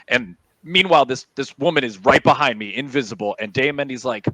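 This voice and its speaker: A man, a guest on a video call, telling stories from his tabletop games in an animated, laughing way. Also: mid-range voice, fairly quick, hardly any pauses, dry recording, rough recording. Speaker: guest, D&D player. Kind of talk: casual storytelling on a video call.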